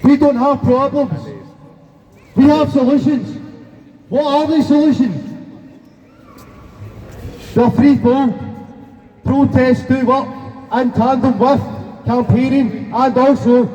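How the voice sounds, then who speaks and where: A man giving a rallying protest speech in a deliberate way, heard through an echoey, dull lo-fi recording. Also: very high-pitched, steady tone, mellow. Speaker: protest speaker.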